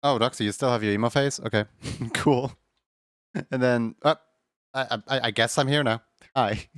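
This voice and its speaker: A man's voice: mid-range voice, fairly even intonation, moderate pace, fairly bright tone, clear, resonant tone, no room sound, clean studio sound. A man hosting a live stream in casual chat, often stumbling over repeated words and laughing between thoughts.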